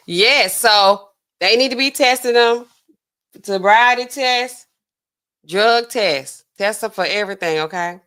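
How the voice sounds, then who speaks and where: Bright-voiced woman chatting to her live stream. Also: medium pitch. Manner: chatty, laughs often, talks straight to the chat; loose, slangy, rambling asides. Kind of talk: casual live-stream chat.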